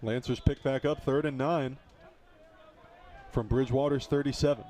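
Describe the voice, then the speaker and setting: A man doing live play-by-play commentary on a college football game, lively and jokey. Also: medium pitch, moderate pace. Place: outdoor football stadium broadcast booth.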